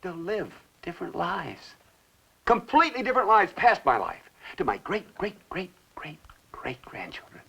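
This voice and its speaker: An actor playing an obsessed man in a 1960s television drama, swinging between whispers and shouts as he raves about money. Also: sits high, very animated, moderate pace, vocal fry, slightly rough, full character voice. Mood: feverish.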